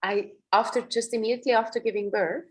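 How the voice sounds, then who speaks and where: A woman in her thirties, a doula and podcast guest, telling her birth story in an earnest, halting way, often repeating words as she searches for them. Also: a little high, fairly even intonation, rough recording.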